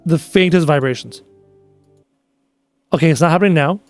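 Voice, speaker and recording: A man's voice: on the high side, moderate pace, dry recording, soft background music. A man live-streaming a game, chatting casually and reading out viewers' messages in a playful way. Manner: chatty, reads chat aloud, playful.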